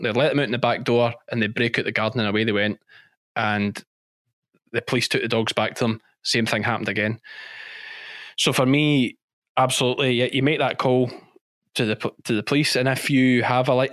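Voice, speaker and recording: A man's voice: medium pitch, fairly bright tone, dry recording, studio quality. A man, a former policeman and sheep farmer, telling stories in a casual podcast interview, laughing often and repeating himself.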